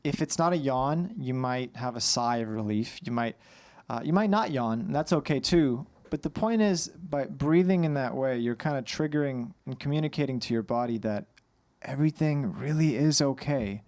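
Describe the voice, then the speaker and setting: A man answering questions as an anxiety coach on a live Q&A, a little on edge, calmly guiding listeners through a breathing exercise. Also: medium pitch, normal speed, few pauses. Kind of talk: live Q&A advice.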